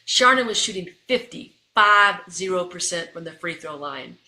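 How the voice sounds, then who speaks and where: A middle-aged woman with a bright, forceful voice tells an animated story to her listeners. She sounds like a seasoned speaker, and the room around her gives her voice a noticeable echo. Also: lowish voice, normal speed. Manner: lively, addresses listeners as folks. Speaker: guest, keynote speaker and coach. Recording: roomy echo.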